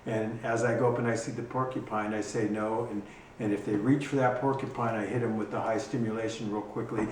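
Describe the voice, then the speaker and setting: A man who trains hunting dogs explains his gear in a casual instructional video, talking haltingly with frequent ums and restarts. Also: on the low side, steady tone, darkish tone. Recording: echoey room, distant mic, faint noise.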